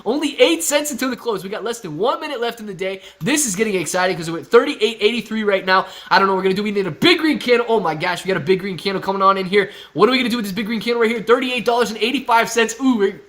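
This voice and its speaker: A man hosting a live stock-market stream, calling out prices rapidly and chatting with viewers in a casual, excited way. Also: sits high. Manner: excited, calls out prices like an auctioneer. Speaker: livestream host.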